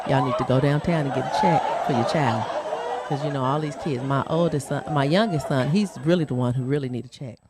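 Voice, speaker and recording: A woman doing stand-up, telling a story with lively acted-out voices. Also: deep voice. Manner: animated, acts out quoted voices. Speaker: stand-up comedian. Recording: noisy club with loud crowd. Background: loud laughing audience.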